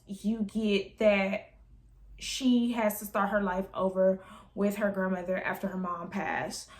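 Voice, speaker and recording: A young adult woman chatting about books in a casual review vlog, animated and emphatic. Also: mid-range voice. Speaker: book reviewer.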